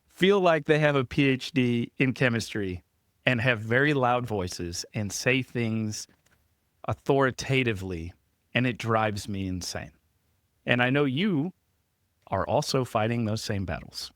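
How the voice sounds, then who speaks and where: A man's voice: medium pitch, animated, a little slow, fairly bright tone, no room sound, studio quality. Chatty laughing man hosting a podcast. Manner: chatty, self-deprecating, laughs often. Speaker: podcast host. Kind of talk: casual podcast chat.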